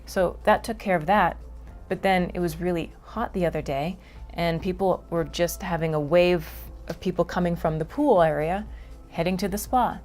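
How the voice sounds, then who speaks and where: A woman's voice: lowish voice, normal speed, a little mellow, faint music behind. A woman from Canada, a guest being interviewed, explaining casually and animatedly, often laughing and acting out her own reactions. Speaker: guest emotions teacher.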